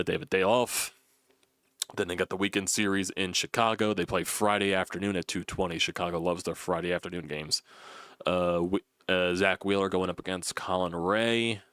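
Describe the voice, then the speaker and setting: A man's voice: low-pitched, fairly bright tone, dry recording, studio quality. A young man with a South Philly accent, ranting through a solo fan recap with frustrated, profane commentary. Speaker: sports channel host.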